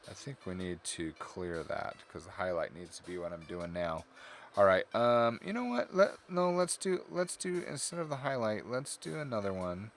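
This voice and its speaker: A man's voice: deep voice, a bit bright. A man casually talking through his digital coloring on a live stream, tired and rambling, often correcting himself. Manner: rambling, self-correcting, chatty. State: tired, yawning. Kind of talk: casual live-stream commentary while drawing.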